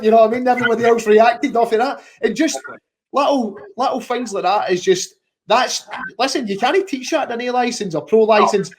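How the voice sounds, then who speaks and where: A man's voice: extremely high pitch, fairly quick. A man with a Scottish accent co-hosting a podcast, telling an anecdote animatedly and acting out the quotes. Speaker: podcast co-host.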